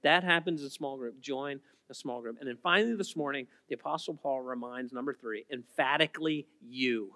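A man preaching a sermon as pastor, emphatic, swinging between loud repeated lines and quiet asides. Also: mid-range voice, moderate pace, few pauses, no echo, in a large hall. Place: church auditorium.

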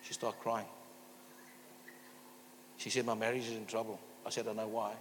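A man's voice: on the low side, completely flat delivery, normal speed. Man preaching in a reverberant church. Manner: storytelling preacher calling for amens. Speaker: guest preacher. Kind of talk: sermon. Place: church hall. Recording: long hall reverb, faint hum.

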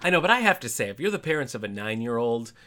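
A man's voice: medium pitch, big pitch swings, fast, bright, forceful tone. A man co-hosting a podcast in casual chat, adding asides and opinions. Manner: conversational, offers asides and opinions. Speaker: podcast co-host.

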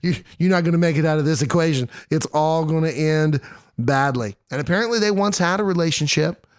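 A man's voice: on the high side, brisk, smooth, no room sound, studio quality. A man in his thirties hosting a podcast, telling a true-crime story in casual, jokey chat and acting out quotes in goofy voices. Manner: self-deprecating, jokey. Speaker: podcast host.

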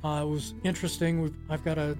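Guy in his 60s telling his ski story, kinda flat delivery, soft guitar under it. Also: a little high. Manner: plain, unhurried storytelling with many pauses and "you know". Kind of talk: recounting a personal story in an interview.

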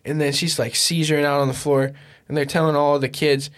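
A young man chats on his home podcast, voice pitched a little high for a man. He tells stories loosely, swearing at nearly every turn and breaking into laughter often. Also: fairly quick. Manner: profane, laughing a lot, animated storytelling. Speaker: podcast host. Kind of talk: casual chat. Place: home podcast setup with a mixer.

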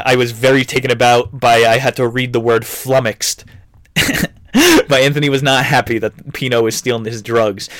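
A man's voice: medium pitch, a bit bright, no echo. A man casually recapping a memoir chapter by chapter, sarcastic and chuckling often, with plenty of "like" and "you know". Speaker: podcast host reviewing a memoir. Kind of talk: casual comedic book recap.

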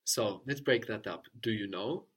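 A man's voice: on the low side, moderate pace, breathy edge. A man teaching a language lesson, patiently prompting his student and repeating her answers.

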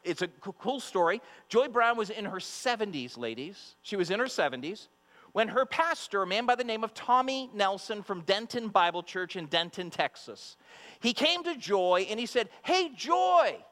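Addressing the women in his congregation directly, a male preacher delivers a sermon at a moderate pace in a high, bright voice with a forceful tone. Animated and emphatic, he repeats himself for weight, backed by long hall reverb and a faint mains hum.

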